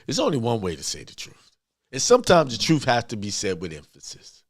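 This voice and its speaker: Man, informal sermon, blunt and repetitive, very lively pitch. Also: a little fast, no echo, clean studio sound. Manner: emphatic, repetitive, talks straight and blunt. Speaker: spiritual speaker.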